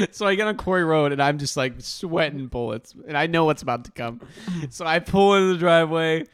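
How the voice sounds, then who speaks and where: Animated young man telling a story. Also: a little high, moderate pace, clean tone, dry recording, studio quality. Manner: animated storytelling, lots of laughing. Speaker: podcast co-host. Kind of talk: casual chat.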